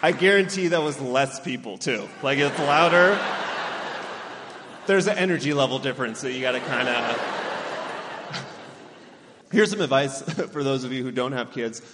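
A man's voice: medium pitch, unhurried, crowd noise. A man in his thirties from Southern California tells jokes as a stand-up comedian. He acts out other people's voices and laughs through his punchlines. The hall has a long reverb and a faint hum of noise underneath. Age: 30s. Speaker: stand-up comedian, then guest. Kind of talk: stand-up comedy set, then casual interview chat.

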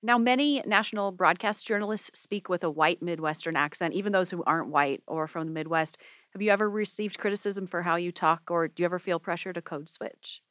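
A woman interviewer with a lowish voice asks questions and offers attentive, affirming responses. The recording is dry and close, with no room sound. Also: a little fast, a bit bright, dry recording. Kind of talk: interview conversation.

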